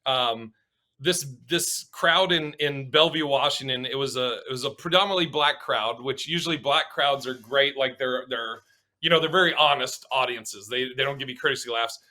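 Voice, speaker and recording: A comedian from the Pacific Northwest telling stage stories in a casual interview, animated and often laughing. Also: male voice, medium pitch, moderate pace. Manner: animated, laughing, acts out quotes. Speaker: stand-up comedian, guest.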